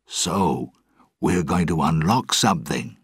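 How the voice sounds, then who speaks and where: A man's voice: rumbling low, expressive, slow pace, slightly rough, no echo, studio quality, exaggerated voice. A man voicing a puzzled male pirate first mate who keeps asking questions in a storybook reading. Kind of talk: storybook read-aloud.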